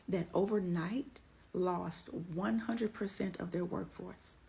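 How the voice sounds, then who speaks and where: A woman with a husky, gravelly voice telling a story in a gossipy, sarcastic social media video. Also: on the low side, unhurried, mellow.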